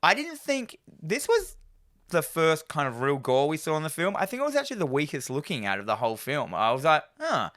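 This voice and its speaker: A man's voice: on the high side, wildly swooping pitch, a bit bright, dry recording, clean studio sound. A man casually recapping a horror movie, rambling and acting out the characters' lines. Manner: rambling, acts out lines in quick put-on voices. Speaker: podcast co-host.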